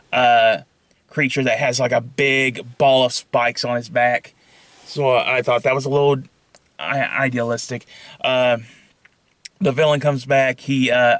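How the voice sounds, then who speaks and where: A young man pitching his own film idea in a casual, rambling monologue full of fillers and restarts. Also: fairly bright tone, no echo.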